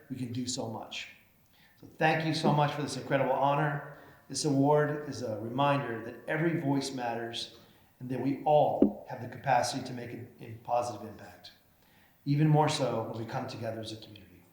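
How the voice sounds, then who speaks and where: A man's voice: medium pitch, darkish tone. A middle-aged man, a mayor, giving an award acceptance speech as a folksy storyteller with hesitant fillers, into a podium microphone in a large event hall. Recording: echoey hall, faint noise.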